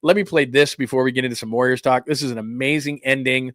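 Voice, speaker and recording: A man's voice: mid-range voice, steady tone, fast, fairly bright tone, dry recording, studio quality. A man hosting a casual sports talk show, chatting with viewers in a rambling, self-interrupting way.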